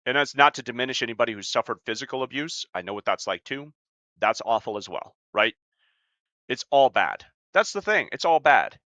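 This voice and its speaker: A man's voice: medium pitch, big pitch swings, a little fast, bright, forceful tone, no echo, lo-fi sound. A man co-hosting a podcast as a life coach, talking in a blunt, emphatic way and swearing freely. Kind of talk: casual podcast talk.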